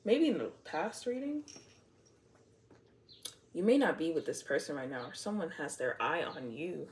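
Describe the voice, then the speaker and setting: A woman's voice: low voice, animated, normal speed, heavy background noise. A woman giving a casual tarot reading to camera, playful and blunt, swearing freely and laughing often. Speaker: tarot reader.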